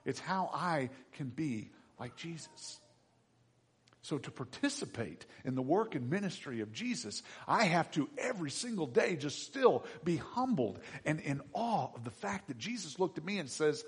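A man preaching a sermon as pastor, animated, swinging between loud emphatic lines and quiet asides, acting out everyday voices as he goes. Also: on the high side, normal speed. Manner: acts out everyday voices in quotes. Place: church sanctuary. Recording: husky voice in a reverberant hall.

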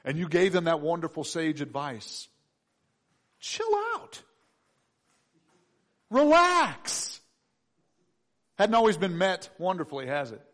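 A middle-aged man preaching a sermon, acting out voices and swinging from loud to hushed. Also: a little high, a little fast, few pauses. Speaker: pastor.

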